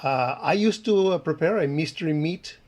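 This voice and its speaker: A man voicing a fake chef with a put-on French accent, talking in halting bursts with many hesitations. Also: on the high side, a little mellow, natural voice. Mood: sly. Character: fake French chef, middle-aged man, sly and smug. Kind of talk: improv comedy character.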